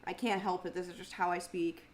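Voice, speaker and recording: A woman's voice: flat delivery, brisk, slight background noise. Mumbly, chatty young woman streamer. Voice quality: mumbly, grumbly low speaking voice. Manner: chatty and swears freely, laughing often. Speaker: livestream host and singer. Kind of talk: casual livestream chat reading viewer comments.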